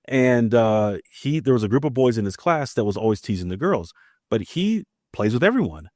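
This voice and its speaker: A man's voice: mid-range voice, very animated, normal speed, darkish tone, no echo, clean studio sound. A man from Maryland hosting a podcast, chatting casually and telling family stories, acting out the dialogue as he goes. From Maryland, USA. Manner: chatty storyteller who acts out family dialogue. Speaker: podcast host.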